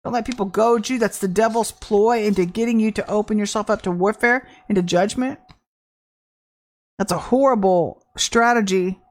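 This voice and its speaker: A woman delivering a fervent prophetic sermon, emphatic and shifting between drawn-out and rushed phrases. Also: mid-range voice. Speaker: prophetic preacher.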